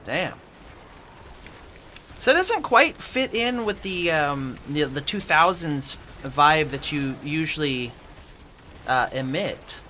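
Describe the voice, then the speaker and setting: Chatty guy streaming a game from his apartment, bright voice, kinda high, bouncy. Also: expressive, takes it slowly, pauses often, slight background noise. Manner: chatty, reads and answers chat messages aloud. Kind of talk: casual chat with viewers while gaming. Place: at home in an apartment.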